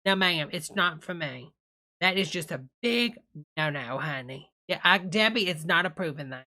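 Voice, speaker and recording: Bright, sassy woman reacting on camera. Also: fairly low pitch, animated, normal speed. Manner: sassy, calls everyone honey. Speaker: reaction video host. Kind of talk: comic reaction commentary.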